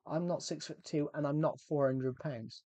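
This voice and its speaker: A man's voice: fairly high pitch, fairly even intonation, moderate pace, warm tone, no echo. A young man hosting a live game stream, chatting with friends in a rambling, joking way and tripping over his words. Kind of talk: casual gaming stream chat.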